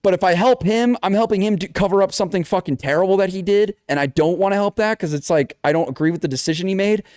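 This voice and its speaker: A young podcast co-host with a high voice talks at a quick pace in a dry, studio-quality recording. During a casual chat he tells a video game story with animated delivery, acting out the game's characters and swearing a lot.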